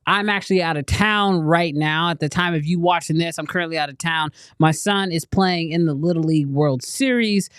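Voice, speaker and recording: A man's voice: fairly high pitch, normal speed, hardly any pauses, fairly bright tone, smooth, no echo, clean studio sound. A middle-aged man hosting a casual live show, playful and joking, laughing often. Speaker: podcast host.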